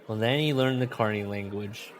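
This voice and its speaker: A man co-hosting a podcast, chatting casually and reading aloud from a book, with animated swings into quoted voices. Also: moderate pace. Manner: animated, jumps into loud high put-on voices when quoting. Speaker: podcast co-host.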